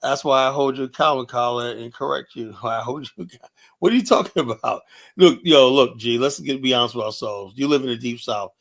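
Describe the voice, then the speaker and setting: A man's voice: mid-range voice, brisk, gravelly, a bit bright. A man hosting a livestream, talking in a grumpy, profane, rambling way. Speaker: livestream host. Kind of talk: casual ranting livestream talk.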